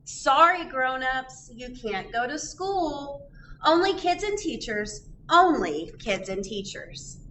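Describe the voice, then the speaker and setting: A woman's voice: high-pitched, very animated, slow pace, fairly bright tone, heavily acted. A woman reading aloud and voicing cheerful young kids in a picture book, using a matter-of-fact, chanting delivery. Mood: firm. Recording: distant mic, faint background noise.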